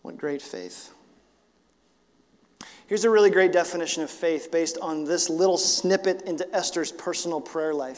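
A man of about forty, a pastor, preaching a sermon in a casual, animated way that swells into emphatic bursts. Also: high voice, a little fast, in a large hall. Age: 40s. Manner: animated, conversational, rising to emphatic outbursts.

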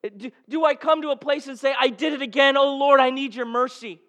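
A male pastor preaching a sermon, passionate and emphatic, moving between forceful calls and quiet storytelling. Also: very high voice, fairly even intonation, a little fast. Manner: impassioned, building to shouts then dropping to hushed storytelling.

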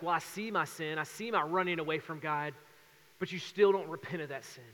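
A man in his thirties preaching a sermon as pastor, telling stories with lively acted-out voices. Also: a little high, in a large hall, slight background noise. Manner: animated storytelling with acted voices.

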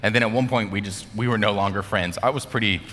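Low-voiced man preaching in a big echoing hall. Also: fast talker, a little hiss or hum. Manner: animated, acts out quotes, many "like" fillers. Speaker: pastor. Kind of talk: casual conversational sermon. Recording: long reverb of a large hall.

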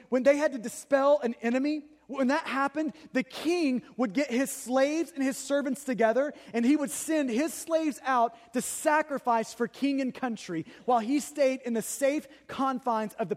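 High-voiced preacher man in a reverberant hall. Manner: conversational, stammers and repeats words, builds to loud emphatic peaks. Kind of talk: sermon.

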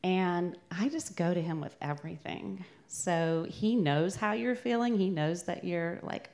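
A woman's voice: fairly low pitch, a little slow, a little mellow. A woman on a church panel answering candidly and frankly about prayer.

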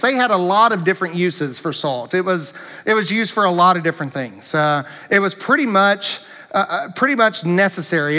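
Man, pastor preaching, earnest, emphatic, repeats key phrases, bright voice, church reverb. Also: on the high side. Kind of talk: sermon.

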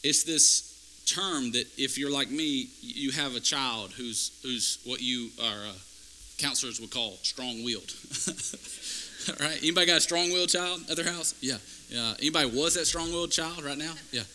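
Guy preaching in church, really sharp bright voice, mid pitch, gets fired up. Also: normal speed, slight background noise, low-quality recording. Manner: conversational, building to fervent emphasis. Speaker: pastor. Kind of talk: sermon.

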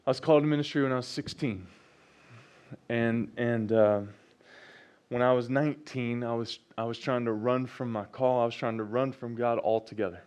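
A man's voice: mid-range voice, moderate pace, smooth. A male pastor preaching a sermon, reading scripture and repeating key phrases with rising enthusiasm. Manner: preaching with rising excitement and repetition.

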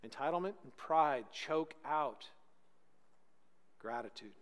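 A man preaching a sermon as pastor, swinging between loud emphatic peaks and hushed, slow lines. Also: a little high, lively intonation, long reverb tail.

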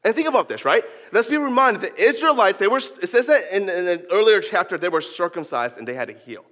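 A man preaching a sermon, animated, acting out biblical characters with casual slang. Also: high voice, fairly quick, long reverb tail.

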